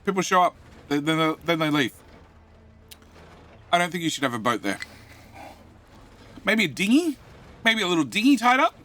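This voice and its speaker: A man's voice: fairly high pitch, big pitch swings, moderate pace, long pauses, sharp tone. A man with an Australian accent chatting casually on a game live stream, rambling, repeating himself and muttering to himself while he plays and answers chat.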